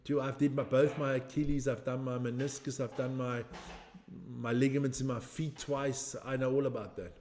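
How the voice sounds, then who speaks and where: The host here is a middle-aged man reacting to a match on a casual live stream, loosely chatting, replying to viewer comments and poking fun at his own age. He talks at normal speed in a slightly mellow, medium-pitched voice with little pitch movement.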